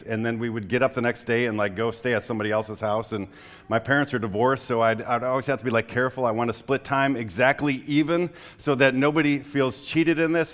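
A young adult man preaching a sermon as a pastor, in a relaxed conversational way, full of fillers, telling personal stories. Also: medium pitch. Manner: conversational, frequent "like" fillers, storytelling. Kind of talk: casual sermon.

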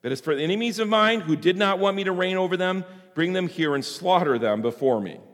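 A stern king passes judgment in a solemn, measured voice, read aloud by a man. The voice sits high. A long reverb trails behind it, as in a large hall. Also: lively intonation, a bit bright.

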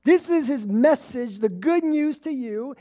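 Mellow-voiced woman preaching conversationally. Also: high voice, lively intonation, unhurried. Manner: storytelling, acts out quoted voices, chuckles. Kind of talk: conversational sermon.

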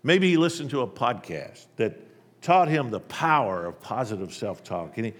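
A man's voice: medium pitch, sing-song, moderate pace. Male preacher, mid-range voice, emphatic storytelling sermon, in a reverberant hall. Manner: emphatic storytelling, shifting loud and soft.

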